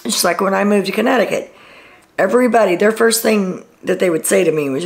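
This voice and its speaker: A woman's voice: medium pitch, quick pace, creaky. A woman from Texas with a Texan accent, hosting a casual reality TV recap show and giving blunt, opinionated commentary. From Texas, USA.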